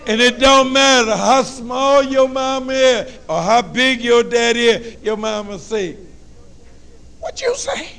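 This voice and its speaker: High-voiced New Orleans motivational speaker. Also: male voice, a little slow, creaky, few pauses. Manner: lively, call-and-response, preacherly humor. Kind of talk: motivational talk to students. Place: high school assembly.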